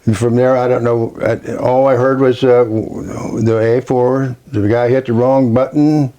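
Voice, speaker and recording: An older man with a Kentucky accent, a Navy veteran telling his story in a slow, plainspoken, halting way during an oral history interview. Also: medium pitch, flat delivery, dark tone, a little hiss or hum.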